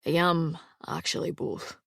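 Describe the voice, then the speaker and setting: A woman reading an audiobook and voicing an immortal male swordsman with a low, stern, dryly polite manner. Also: level tone, unhurried, vocal fry, no echo, clean studio sound, exaggerated voice.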